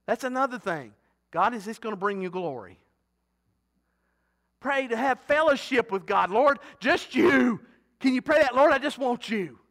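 High, bright-voiced folksy preacher man. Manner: folksy, talkative preaching with rhetorical questions to the congregation. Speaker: pastor. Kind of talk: sermon.

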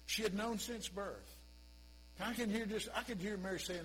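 A man's voice: high voice, normal speed, fairly bright tone, a little hiss or hum, poor audio. A male pastor preaching a sermon in a folksy, conversational way with humorous asides.

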